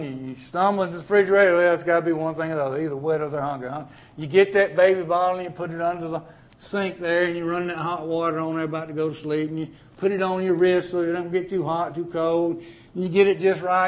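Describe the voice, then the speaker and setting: A man preaching as a pastor, emphatic and folksy, acting out homely stories between scripture readings. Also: high-pitched. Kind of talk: sermon.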